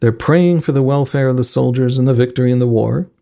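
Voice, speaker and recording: A man's voice: medium pitch, fast talker, vocal fry, dark tone. A man, a senior analyst explaining politics on a podcast in a thoughtful way, often restarting his sentences.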